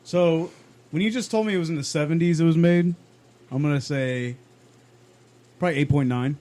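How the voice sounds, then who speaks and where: A man's voice: fairly high pitch, normal speed, warm tone. A man in a casual chat, explaining things loosely with lots of "like" fillers.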